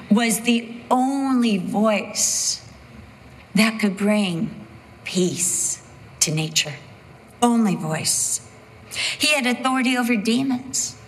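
Slow, emphatic woman preaching in a hall. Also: on the high side, a bit bright. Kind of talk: sermon.

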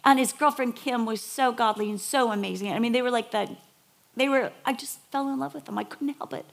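Woman, preacher, sermon storytelling, slightly high voice, animated, hushed emphasis. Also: fairly quick, creaky. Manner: animated storytelling, acts out quotes, drops to a whisper for emphasis.

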